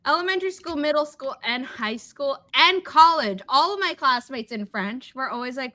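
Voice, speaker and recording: A young woman chats on a livestream in a bright, clear voice that sits a little high. She tells stories with energy and slips into other people's voices when she quotes them. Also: normal speed, hardly any pauses. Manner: animated storyteller, acts out quotes. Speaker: livestream host. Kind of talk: casual chat.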